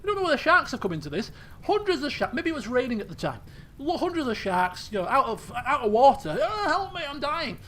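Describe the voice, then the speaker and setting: Animated man chatting on stream. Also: very high-pitched, fast talker, slight background noise. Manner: animated storytelling, exclamatory, swears. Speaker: game streamer. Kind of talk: casual live-stream chat.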